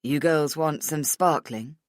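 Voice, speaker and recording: A woman voicing a relaxed, slightly smug nerdy man in an audiobook. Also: low-pitched, takes it slowly, no room sound, studio quality. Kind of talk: audiobook character voice.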